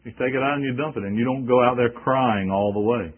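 A man's voice: mid-range voice, quick pace, phone-quality sound. A male preacher giving an emphatic sermon, quoting scripture and asking rhetorical questions.

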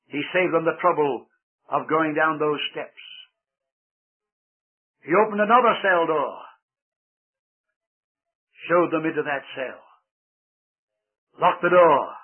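A male storyteller narrates in a lively, dramatic way and drops in playful asides. His voice is husky and pitched a little high. It comes through a thin, tinny radio sound. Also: measured pace, long pauses. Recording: tinny old radio broadcast.

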